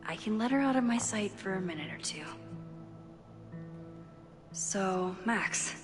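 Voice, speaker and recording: A woman voices a soft-spoken, reflective young photographer in a story game. She talks in a mid-range voice, quietly and inward, with clear music playing behind her. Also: medium pitch, animated, a little slow, natural voice. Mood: wistful. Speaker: game protagonist voice.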